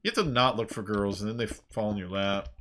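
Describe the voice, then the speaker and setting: A man streaming a game, chatting casually in a rambling, animated way with lots of fillers and laughs. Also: fairly low pitch, a little fast, slight background noise. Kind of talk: casual chat while playing a game.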